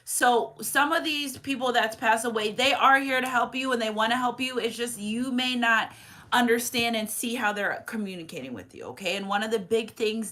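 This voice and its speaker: A woman in her thirties talks through a spiritual reading as a medium. Her voice is bright and sits a little high. She rambles, restarts often and turns emotional, checking in with "okay?" along the way. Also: normal speed. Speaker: tarot reader and medium. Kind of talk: casual spiritual reading monologue.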